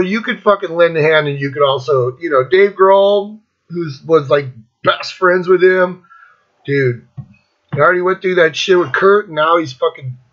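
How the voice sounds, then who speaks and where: A man's voice: on the high side, a bit bright, lo-fi sound. A man in his fifties hosting a casual rant, blunt and profane, rambling between thoughts. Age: 50s. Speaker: host.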